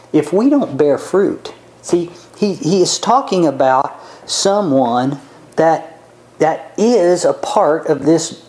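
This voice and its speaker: A man preaching a sermon, reading scripture aloud and explaining it, slowing down and stretching key words. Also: a little high, darkish tone, low-quality recording.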